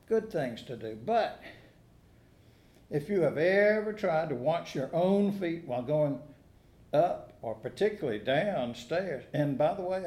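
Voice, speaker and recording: A man's voice: fairly high pitch, darkish tone. A man preaching a sermon as pastor, telling stories with dry humor and asking the congregation questions. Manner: folksy storytelling with dry humor and rhetorical questions. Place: church sanctuary. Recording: echoey church sanctuary.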